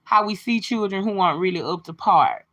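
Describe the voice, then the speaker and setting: A woman's voice: mid-range voice, brisk, a bit bright. A woman talking casually to her livestream viewers, chatty and open, sharing a personal testimony. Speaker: livestream host.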